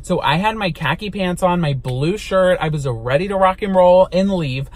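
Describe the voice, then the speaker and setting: A young man vlogging from inside a car, telling a story in an animated, dramatic way and swearing now and then. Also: high-pitched, normal speed. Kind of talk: storytime vlog.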